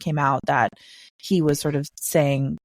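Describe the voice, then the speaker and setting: A woman who is a guest on a podcast, talking casually and with strong opinions, rushing through some phrases and laughing between points. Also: deep voice, steady tone.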